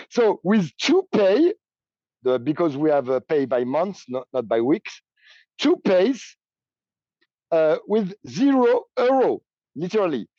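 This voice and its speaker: A French man with a French accent, a native French speaker, answering interview questions over a remote call in halting English, often pausing to search for words. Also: on the high side, big pitch swings, mellow, dry recording. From France. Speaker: union leader and train operator. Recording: dull remote call audio.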